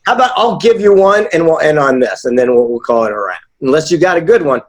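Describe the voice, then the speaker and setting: A man being interviewed as a guest author and speaker, telling stories in a lively way and acting out the dialogue he quotes. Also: fairly high pitch, fast. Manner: animated, acts out quoted dialogue. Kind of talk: casual interview storytelling.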